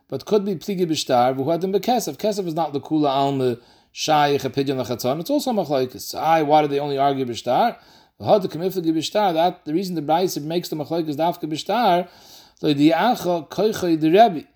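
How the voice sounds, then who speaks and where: A man teaching a daily Talmud class, explaining quickly and mixing in Aramaic and Yiddish terms. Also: on the high side, a little mellow.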